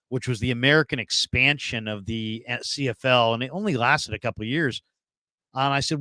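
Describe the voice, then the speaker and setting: A man's voice: mid-range voice, a little fast, bright, forceful tone, no echo. A man in his fifties, a former scout turned radio host, telling a long story as an interview guest, rambling with many fillers and restarts.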